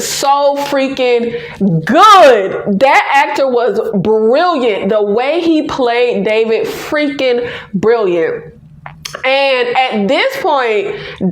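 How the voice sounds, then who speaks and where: A woman recapping a TV episode in an excited, casual way, exclaiming and laughing as she addresses viewers directly. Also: high voice, roomy sound. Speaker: TV episode reviewer.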